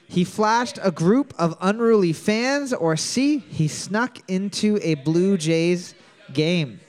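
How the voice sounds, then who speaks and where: A man's voice: high-pitched, a little mellow. A man hosting a casual trivia night. He jokes, laughs often and reads each question twice. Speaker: trivia quiz host.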